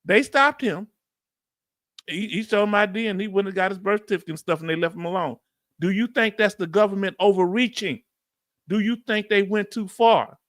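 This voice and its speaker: A man's voice: high voice, fairly bright tone, no echo, clean studio sound. Southern man hosting a live Q&A. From United States. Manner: casual, conversational, laughs often. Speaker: livestream host. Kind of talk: live Q&A, reading and answering chat comments. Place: Texas.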